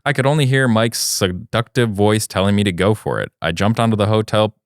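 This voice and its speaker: A man with a low, smooth, resonant voice reads a listener letter on a comedy podcast. The sound is dry and close, with no room around it, and his delivery stays wry. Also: expressive, a little fast, dry recording. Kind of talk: reading a listener letter aloud, casual banter.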